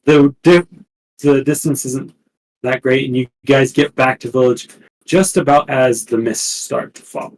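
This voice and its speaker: A man's voice: mid-range voice, steady tone, measured pace, slight background noise, low-quality recording. A man running a tabletop game who narrates scenes and asks the players what they do. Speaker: game master.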